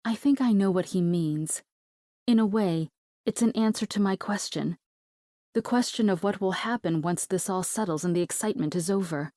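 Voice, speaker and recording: A woman's voice: medium pitch, normal speed, mellow, dry recording, clean studio sound. Woman narrating a romance audiobook.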